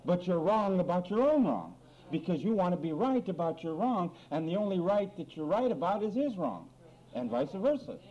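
Animated preacher man, dull recording. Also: high voice, normal speed. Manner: lively, acts out quarrels in mock voices, reads scripture. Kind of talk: sermon. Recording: dull lo-fi recording with faint room noise.

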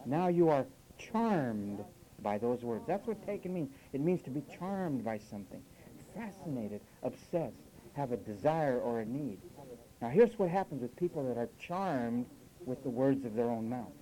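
A man's voice: mid-range voice, moderate pace, low-quality recording. A man preaching a sermon, emphatic, often mimicking what listeners say. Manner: emphatic, lively rises and drops, quoting listeners in mock voices.

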